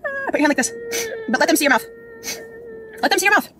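A woman's voice: very high-pitched, big pitch swings, fast talker, background noise. A woman in a vlog clip, urgently coaching her child in front of the camera. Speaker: vlogger mother.

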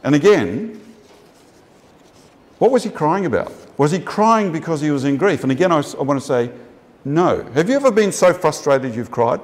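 A man with an Australian accent preaching a sermon in a conversational way, jumping up in pitch for emphasis and often restarting his sentences. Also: animated, moderate pace. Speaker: pastor. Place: church. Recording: long church reverb.

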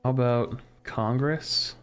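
A man's voice: mid-range voice, slow pace, slight background noise. A man streaming a crafting game, musing aloud as he tries one combination after another. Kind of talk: casual live-stream commentary.

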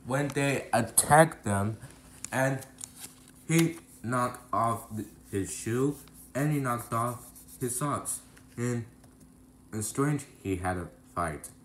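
A man's voice: mid-range voice, a bit bright, roomy sound, slight background noise, low-quality recording. A man narrating a rhyming storybook tale in a sing-song delivery.

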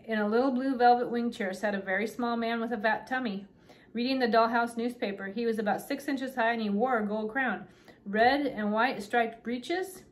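A woman hosting her own channel, chatting casually and then reading a children's book aloud. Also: fairly high pitch. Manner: relaxed, chatty with fillers between reading.

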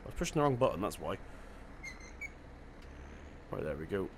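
A gaming channel host with a low, very animated voice gives casual let's-play commentary at a moderate pace. He's chatty and self-deprecating, thinking aloud as he plays, with slight background noise.

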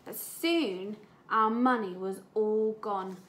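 A woman teacher with an English accent reads a storybook aloud to young children, pausing to explain words and ask them questions. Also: medium pitch. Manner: slow, gentle and explanatory, asking the children questions. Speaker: primary school teacher.

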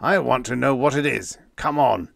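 A man voicing a gruff older male spaceship captain who roars and rasps in exasperation. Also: mid-range voice, moderate pace, no room sound, studio quality, voice pushed up. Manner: roaring, rasping, exasperated.

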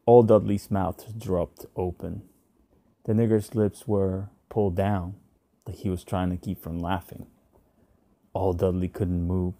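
A man narrating a short story in a measured, subdued way. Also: low voice, little pitch movement, warm tone, dry recording. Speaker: reader.

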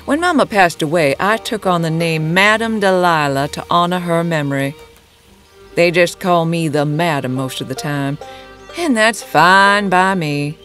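A woman playing a sultry, menacing cult leader who talks in a slow, teasing, purring drawl. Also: on the low side, fairly bright tone, soft background music. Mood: sly. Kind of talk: audio drama acting.

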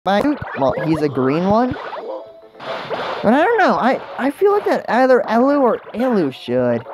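A woman's voice: medium pitch, huge pitch swings, measured pace. A woman giving casual let's-play commentary, chatty and rambling, who mocks herself and talks to the game characters. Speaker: gaming channel host. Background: game music.

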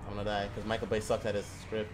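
A young man streaming a shooter game, swearing a lot and jumping from low mutters to loud shouts. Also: rapid-fire, noisy background. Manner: profane, excitable, swings from mutters to shouts. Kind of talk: gaming livestream commentary.

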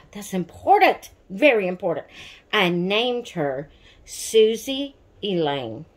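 A woman, chatting in a casual vlog about her dolls, emotional and rambling, often correcting herself. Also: mid-range voice. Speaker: doll collector vlogger.

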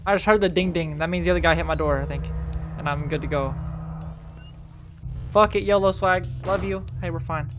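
A man's voice: a little high, a little fast, pauses often, music in the background. A young man hosting a horror game let's play, muttering nervously, swearing and repeating the same phrases over and over. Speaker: gaming channel host.

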